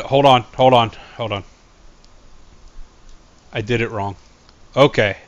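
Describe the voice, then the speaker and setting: A man's voice: medium pitch, unhurried, long pauses, dry recording. A man chatting casually and goofily on a live game stream. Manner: goofy, rambling, playful voices.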